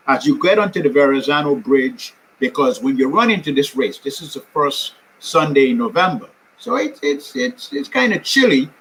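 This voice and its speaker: A man's voice: mid-range voice, fairly bright tone, slight background noise, poor audio. An older man from New York telling his marathon story in a casual, rambling way, with many fillers and restarts. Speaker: amateur marathon runner.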